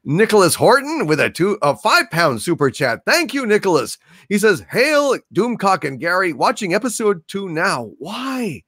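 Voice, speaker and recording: A man co-hosting a casual livestream, reading out viewer super chats with lively, swearing banter. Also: high voice, normal speed, hardly any pauses, slightly rough, no echo, clean studio sound. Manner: animated, swearing, laughs often.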